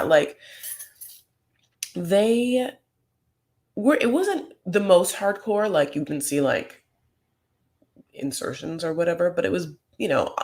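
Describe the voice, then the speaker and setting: A man's voice: on the high side, gravelly. A man hosting a comedic reality TV recap, talking in a rambling, campy way full of fillers.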